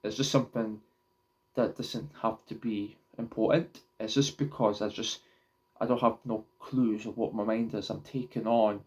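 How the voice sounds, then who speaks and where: A man's voice: medium pitch, darkish tone. A young man talking casually to camera in his own vlog, rambling, often stopping and restarting his words. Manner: halting, repeats and restarts words. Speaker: vlogger.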